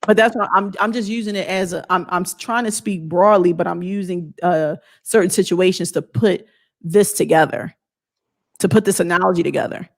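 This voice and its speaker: A woman's voice: lowish voice, normal speed, vocal fry. A woman vlogger giving a blunt, emphatic motivational talk in a casual way.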